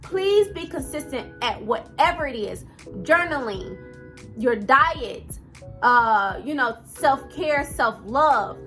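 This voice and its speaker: Bright, high-voiced woman in her thirties. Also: expressive, slow pace, faint music behind. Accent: twang. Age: 30s. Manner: earnest, direct, conversational with fillers. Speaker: vlogger. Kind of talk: motivational talk to camera.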